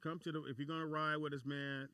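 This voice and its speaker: A man about sixty hosting a casual talk radio show, giving loose shout-outs and taking calls. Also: on the high side, flat delivery, fast, clean tone. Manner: loose, laid-back, full of shout-outs.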